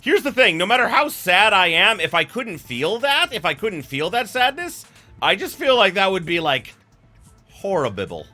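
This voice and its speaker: Excitable high-voiced man streaming a game. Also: normal speed. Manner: emotional, goofy, rambling, laughs at himself. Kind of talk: casual live-stream chat. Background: faint game music.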